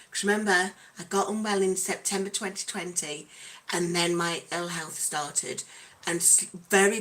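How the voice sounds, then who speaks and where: A woman's voice: on the low side, fairly bright tone. A woman hosting a casual livestream, chatty and bubbly, calling out her viewers by name. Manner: playful, breaks into song. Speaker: livestream host.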